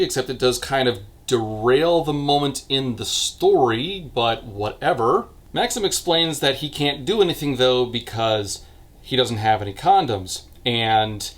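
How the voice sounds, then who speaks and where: A man in a mid-range voice hosts a casual book review. He recaps the story with deadpan, sarcastic asides. His delivery is conversational and unscripted. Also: medium pitch.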